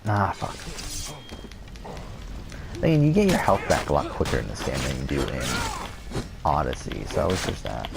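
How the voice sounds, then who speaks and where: A man's voice: extremely low pitch, huge pitch swings, moderate pace, creaky, pauses often, very noisy. A man giving casual, rambling gameplay commentary, full of fillers and restarts, cursing when things go wrong. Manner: rambling, many fillers and restarts, swears at the game.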